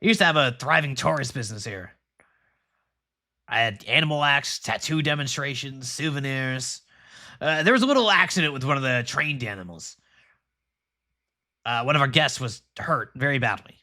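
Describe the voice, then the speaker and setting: A man reading as Meat Hook, a gruff pirate hermit. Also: medium pitch, pushed and bright. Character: gruff lonely male pirate hermit with hooks.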